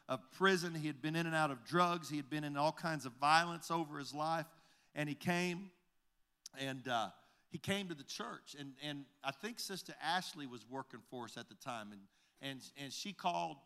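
Male pastor, sermon storytelling, slightly high and bright, restarts and repeats a lot while walking through a story. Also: smooth. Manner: recounts conversations, retelling each exchange with repeated "I said, he said"; halting restarts and repeated words.

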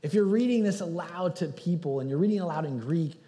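A man preaching a sermon as pastor, earnest, moving between loud emphasis and hushed passages. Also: a little high, brisk. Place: church sanctuary. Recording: hall reverb.

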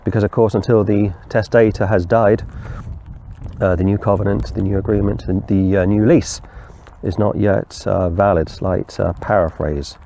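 Guy preaching thru a bible passage, low gravelly voice, slow careful explaining. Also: fairly even intonation, dark tone, a little hiss or hum. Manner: deliberate, explanatory, digresses into storytelling. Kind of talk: verse-by-verse Bible teaching.

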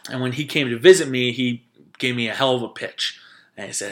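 A man's voice: mid-range voice, brisk, a bit bright. A man in his thirties from New Jersey, hosting a solo podcast and telling a story in a casual, rambling way full of fillers. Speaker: podcast host.

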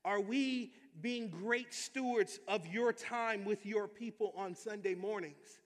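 A male pastor preaching a sermon with energetic, emphatic delivery and calls for amens to the congregation. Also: high-pitched, slow. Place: church sanctuary. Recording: long hall reverb.

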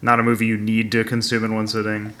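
Fast, bright-voiced teasing man. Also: fairly low pitch, completely flat delivery. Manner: teasing, wisecracking. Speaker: podcast co-host. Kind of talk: casual chat.

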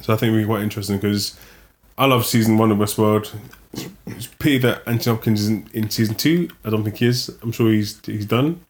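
A man's voice: lowish voice, brisk. A man hosting a podcast, chatting casually and rambling a little before an upbeat sign-off. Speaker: podcast host. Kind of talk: casual chat.

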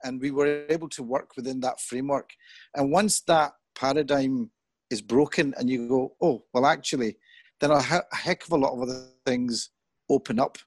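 A middle-aged man talking in an earnest, thoughtful way as an interview guest. He grows animated when he quotes other people. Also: medium pitch, normal speed, no room sound. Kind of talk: reflective conversation.

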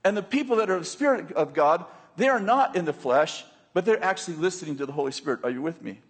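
A man's voice: on the high side, lively intonation, fast, husky. An American man preaching a sermon in a conversational, joking way, often checking in with his listeners.

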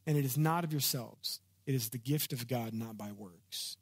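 Conversational man preaching, slightly high voice. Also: moderate pace, few pauses. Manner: conversational, storytelling, asks congregation to respond. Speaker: pastor. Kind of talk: sermon.

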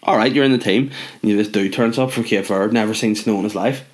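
A man's voice: on the low side, quick pace. A man delivering a rambling comic rant, sweary and sardonic with mumbled asides. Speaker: comedic monologue host.

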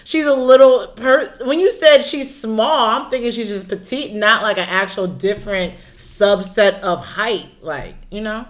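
A woman co-hosting a podcast in casual chat, reacting with quick questions, laughs and apologies. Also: mid-range voice. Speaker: podcast co-host.

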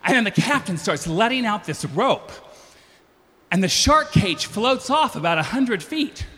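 A man telling a funny personal story live on stage, animated and acting out other people's voices. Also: unhurried. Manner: animated, acts out voices with big pitch jumps. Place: stage before a live audience. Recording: live stage recording with long reverb.

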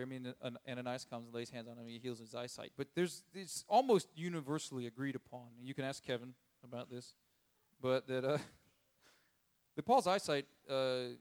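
A man giving a conversational sermon, chuckling often and acting out characters' lines in quick voices. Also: medium pitch, a little mellow. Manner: chuckles often while telling the story. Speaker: preacher.

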